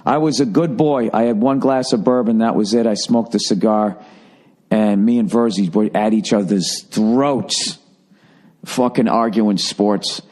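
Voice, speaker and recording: A man's voice: lowish voice, measured pace. A man, hosting a podcast and telling a rambling, profane story in a casual monologue. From Boston area. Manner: profane, rambling, animated when quoting people. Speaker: podcast host.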